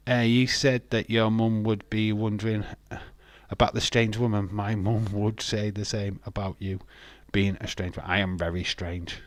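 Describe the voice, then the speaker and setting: A man's voice: on the low side, level tone, takes it slowly, no room sound. A man with a Yorkshire accent hosting a live watch-along, chatting casually with opinions and frequent laughs. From Yorkshire, England. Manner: chatty and opinionated, laughs often, jumps between topics. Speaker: livestream watch-along host. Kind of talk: casual live reaction chat.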